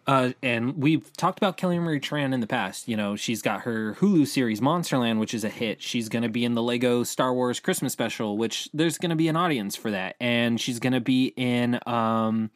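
A young man hosts an entertainment news podcast in a loose, chatty way, full of "um"s and sudden quick bursts. His pitch sits in an ordinary middle range. The mic is close and dry. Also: dry recording. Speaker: podcast co-host, editor-in-chief. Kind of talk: casual podcast chat about entertainment news.

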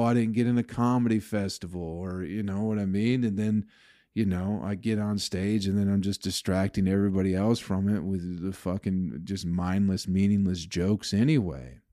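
A man's voice: fairly low pitch, steady tone, normal speed, mellow, no room sound, studio quality. A young man hosting his own comedy podcast, ranting in a profane, exasperated way as he rambles alone at the mic. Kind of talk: solo rambling podcast monologue.

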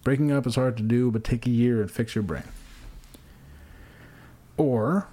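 A man of middling pitch rambles through crude, comic advice on a podcast. He talks in loose, run-on bursts and jumps between jokes as he goes. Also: a little slow, mellow. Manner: rambling, acts out dialogue in sudden voices. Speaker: podcast co-host. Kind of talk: profane comedic banter.

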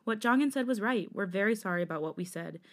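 A woman voicing a gentle young man who comforts a friend in a podcast fanfic reading. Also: medium pitch, animated, fast talker, lightly acted. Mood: reassuring. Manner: gentle, reassuring.

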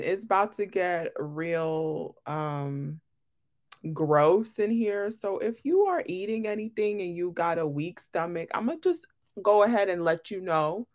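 A young woman with a fairly low voice talks casually with her best friend on a podcast. She teases bluntly and often jumps into sudden loud, excited bursts. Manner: teasing, blunt, animated bursts. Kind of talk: casual chat.

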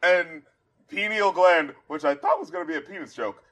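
High-ish voiced guy ranting about rap albums, swears a lot, laughs, super animated. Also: moderate pace. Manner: animated, profane, quotes lyrics aloud, laughs often. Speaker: album review podcast host. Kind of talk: casual review chat.

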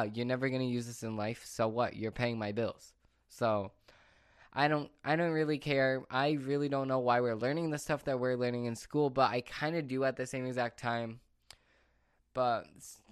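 A male podcast host tells stories in a loose, rambling way, full of filler words. His voice sits at an ordinary pitch and sounds dry and close, with no room echo. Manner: rambling, loose and chatty, lots of "like" and "literally". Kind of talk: casual solo storytelling.

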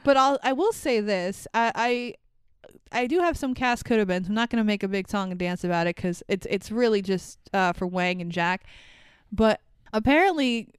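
A woman co-hosting a casual movie review chat, animated and swearing, playing up her confusion and acting out the characters. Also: medium pitch, moderate pace, clear, resonant tone, no echo. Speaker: podcast co-host.

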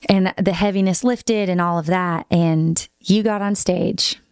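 A woman's voice: lowish voice, fairly even intonation, unhurried, darkish tone, clean tone, dry recording, studio quality. A woman talking about her faith in a casual chat, full of "like" fillers. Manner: chatty, many "like" fillers.

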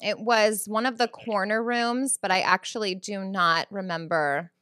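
A woman's voice: medium pitch, steady tone, a little slow, bright, forceful tone, smooth, dry recording, clean studio sound. A woman playing a young celebrity daughter on a prank call, offhand and downplaying everything.

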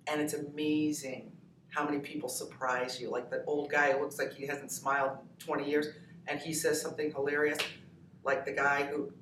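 A comedian woman in her fifties from New Hampshire, telling stories in a lively, laughing way as a podcast guest. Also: low-pitched, a little hiss or hum. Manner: animated, laughing storyteller. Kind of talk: podcast interview. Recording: echoey room, distant mic, faint ambience.

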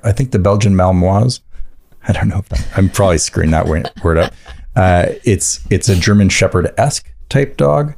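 Deep, gravelly man joking around. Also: a little fast, a little mellow. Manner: joking, hesitant, wry. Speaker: podcast co-host. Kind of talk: casual chat.

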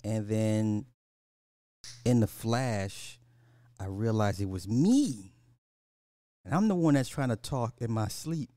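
Laid-back guy with a deep mellow voice, joking around on his podcast, dry close sound. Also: expressive, takes it slowly, long pauses, no room sound. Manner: loose, joking, talks straight to listeners. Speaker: podcast host. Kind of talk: casual commentary reacting to clips.

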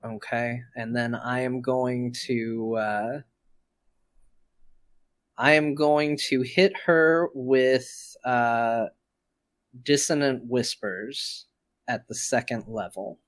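A man playing a tabletop game, describing his character's actions deliberately and hesitantly, with many fillers. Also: medium pitch, steady tone. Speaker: player.

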